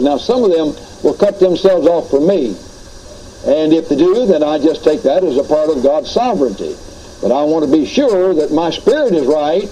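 A man's voice: fairly high pitch, warm tone, slight background noise, rough recording. A man preaching a teaching sermon on doctrine, earnest and explanatory, often retelling anecdotes.

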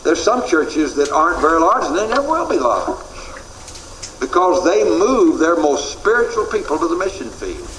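A man's voice: on the high side, very animated, moderate pace, fairly bright tone, a little hiss or hum. A man teaching a classroom Bible lecture in an earnest way, repeating his key points for emphasis. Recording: echoey room recording.

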